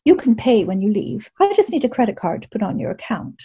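A woman's voice: mid-range voice, very animated, a little fast, dark tone, breathy edge. A woman voicing an older woman innkeeper who speaks in a proper, precise way, in a storybook reading. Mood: gracious.

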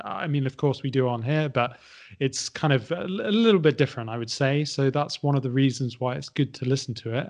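Male podcast co-host, mid-pitched, casual and inquisitive, hedges often. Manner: asks questions, hedges with "kind of". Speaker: podcast co-host and English teacher.

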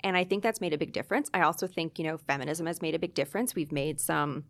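A woman's voice: deep voice, quick pace. A woman in her early forties co-hosting a podcast, talking candidly and repeating words for emphasis. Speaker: podcast co-host. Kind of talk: candid casual chat.

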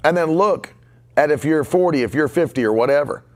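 A man's voice: a little high, fairly quick, a little mellow. A man in his forties preaching a podcast sermon, emphatic and fond of repeating short punchy lines. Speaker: pastor.

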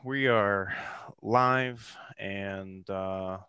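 A man's voice: lowish voice, steady tone, drawn-out words, pushed and bright, smooth, no room sound. A man hosting a podcast, chatting loosely and off the cuff. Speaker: podcast host. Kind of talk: casual podcast chat.

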